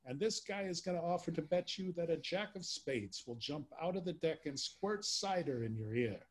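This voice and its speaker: A man reading as a streetwise old New Yorker warning his son off gamblers, husky and raised in pitch. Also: lively intonation, moderate pace. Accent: New York. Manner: tough-guy New York mobster drawl.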